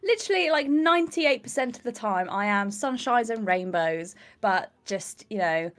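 A young British woman co-hosting a gaming livestream, chatting in an animated way about what annoys her. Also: fairly high pitch, moderate pace. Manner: animated, laughing, storytelling. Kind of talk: casual livestream chat.

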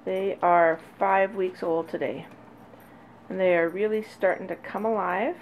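A woman breeder talking casually and fondly while she films her puppies, now and then calling to them in a high sing-song. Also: steady tone, measured pace. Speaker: dog breeder. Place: indoors near a puppy crate. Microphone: handheld camera. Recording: dull lo-fi audio with faint noise.

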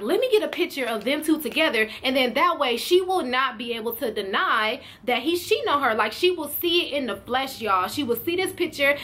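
A woman vlogger telling a storytime in an animated, slangy way, talking straight to her viewers. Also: high-pitched. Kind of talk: storytime vlog.

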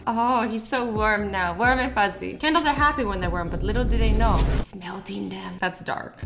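A woman's voice: a little high, fairly quick, music in the background. A young woman hosting a reaction video, chatting playfully and exclaiming at what she watches. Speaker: YouTube host. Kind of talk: reaction commentary.

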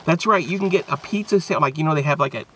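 Man doing a playful food review vlog, high lively voice, bright tone, faint hiss behind. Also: fast. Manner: playful, animated, jokey.

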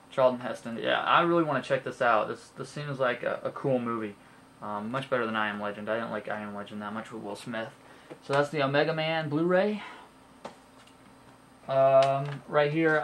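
A man's voice: mid-range voice, fairly bright tone. Young man, casual haul video, rambling, lots of fillers, mid-range voice, faint background hum. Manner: rambling and chatty, full of fillers, stumbles over names. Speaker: home video collector showing his purchases.

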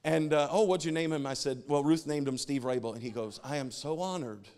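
A man's voice: fairly high pitch, fairly quick, a little mellow, smooth. Joking male pastor preaching a sermon. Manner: jokey storytelling, laughs at his own stories.

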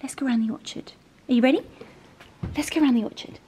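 A woman voicing her eager little male sausage dog, begging and excitedly repeating itself to go out. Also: high voice, fast talker, slight background noise, natural voice.

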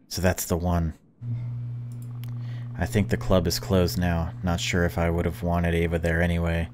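A man playing a horror game and commenting in a hushed, jumpy, casual way, sometimes swearing. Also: sits low, completely flat delivery, normal speed, a little hiss or hum. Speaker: let's-play gamer.

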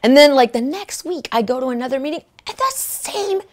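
A woman minister telling a testimony in a sermon, excitable, often laughing and asking "right?" and "okay?". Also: high-pitched, fairly quick. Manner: laughs often mid-sentence.

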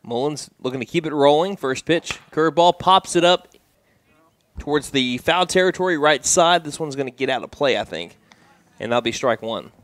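A man calling a high school baseball game on local radio, steady and conversational, with his voice jumping up on strikeouts and big plays. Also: normal speed, dry recording. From United States. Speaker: play-by-play radio announcer. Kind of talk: baseball play-by-play commentary.

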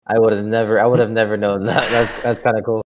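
A man's voice: on the low side, flat delivery, quick pace. A man chatting casually with a friend, giving feedback in a rambling way full of fillers and restarts, heard over a call. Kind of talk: casual chat. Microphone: online call mic. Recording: muffled lo-fi call audio.

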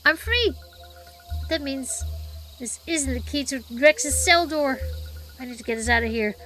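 High-voiced woman streamer reading game lines. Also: moderate pace, fairly bright tone, soft background music. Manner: reads lines with playful reactions. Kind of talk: reading game dialogue aloud.

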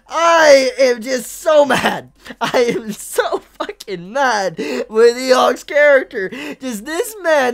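High-voiced woman ranting, swearing. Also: expressive, takes it slowly, vocal fry. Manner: swearing, exasperated, swings from low mutter to loud outbursts. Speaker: anime reviewer. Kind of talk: angry rant to camera.

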